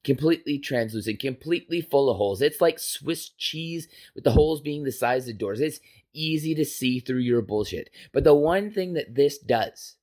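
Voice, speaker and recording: A man's voice: medium pitch, lively intonation, moderate pace, a little mellow. A man with a mid-range voice sits at a podcast microphone and rants. He speaks in an impassioned, emphatic way and swears freely while he drives his points home. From Canada. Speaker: podcast host. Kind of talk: political opinion rant.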